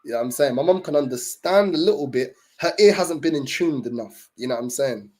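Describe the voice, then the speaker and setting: A man's voice: mid-range voice, lively intonation, fairly quick, a little mellow. Laid-back young man streaming. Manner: laid-back slang-heavy talk with many fillers. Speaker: livestream host. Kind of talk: casual livestream chat.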